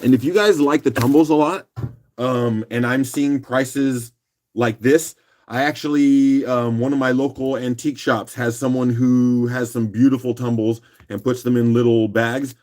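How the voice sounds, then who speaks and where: Man with a rough morning voice. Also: mid-range voice, normal speed. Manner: relaxed, chatty, clears throat often. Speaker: livestream auction host. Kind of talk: casual live auction chat.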